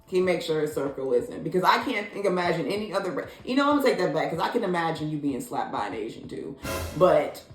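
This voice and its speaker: A woman vlogger from Illinois giving casual opinion commentary, sassy and expressive, leaping up in pitch when she is incredulous. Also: fast talker. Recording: echoey room, faint music.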